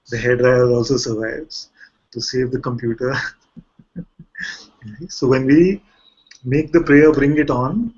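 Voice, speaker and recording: A man's voice: mid-range voice, darkish tone, breathy edge. A man who is a spiritual teacher, giving a conversational talk to a gathering and often asking rhetorical questions. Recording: muffled lo-fi recording.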